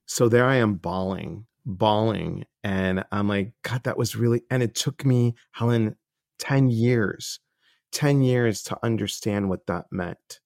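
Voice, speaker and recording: A man's voice: on the low side, unhurried, vocal fry, no echo, studio quality. A middle-aged man hosting a podcast interview, telling stories earnestly and acting out what others said. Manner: earnest, animated storyteller who acts out others' lines. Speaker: podcast host and life coach. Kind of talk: casual interview chat.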